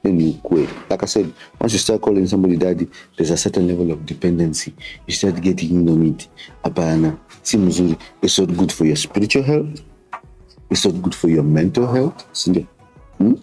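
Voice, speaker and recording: A man's voice: sits low, fairly quick, darkish tone, breathy edge, soft background music, rough recording. A man in his thirties with a Kenyan English accent, hosting a show and talking earnestly, mixing English and Swahili and repeating words for emphasis. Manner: switches between English and Swahili. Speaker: host. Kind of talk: casual reflective talk.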